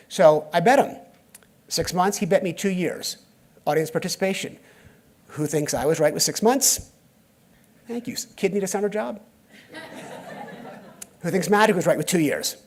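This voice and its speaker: A man's voice: high voice, a little slow, pauses often. A middle-aged man from the United States giving a conference talk on stage, telling stories with acted dialogue and wry asides. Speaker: keynote speaker. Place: conference stage before a live audience.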